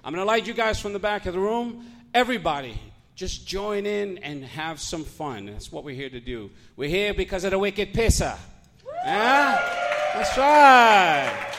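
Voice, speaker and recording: Host, Puerto Rican man, high lively delivery, stand-up, laughs at own jokes, faint venue noise. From Puerto Rico. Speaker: comedy show host. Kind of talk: stand-up comedy. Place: comedy club stage.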